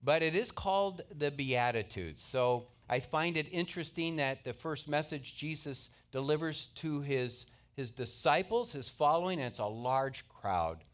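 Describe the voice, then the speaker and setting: A middle-aged male pastor preaching a sermon in an earnest, conversational way, telling stories along the way. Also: mid-range voice.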